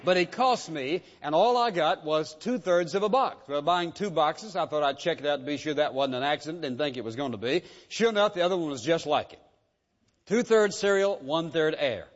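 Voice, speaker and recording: A male pastor delivers a sermon in a fairly high voice, driving his points home with rhetorical questions and repetition. The sound is muffled and lo-fi. His words ring out with a long echo through a large hall. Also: expressive, a little fast, hardly any pauses. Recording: dull lo-fi sound in a reverberant hall.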